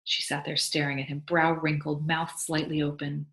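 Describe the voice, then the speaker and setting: A woman librarian reading a short story aloud for students in a calm, measured way. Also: sits low. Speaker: school librarian. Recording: echoey room.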